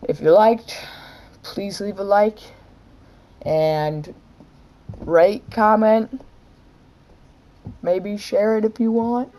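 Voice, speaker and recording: A woman giving let's play commentary, excitable, squealing and shouting at the game as she plays. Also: medium pitch, extremely slow, pauses often, poor audio. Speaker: gameplay commentator.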